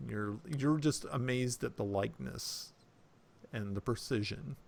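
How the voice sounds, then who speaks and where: A man's voice: mid-range voice, measured pace, creaky. A man narrating as game master of a tabletop game, hesitant, with many fillers and restarts.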